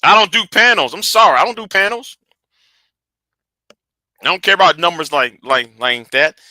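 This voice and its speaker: Brief: bright, expressive male commentator, rambling and close-miked, dry sound. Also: high-pitched, normal speed, dry recording. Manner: animated, rambling, restarts, drops to mutters. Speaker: commentary host. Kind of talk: casual commentary.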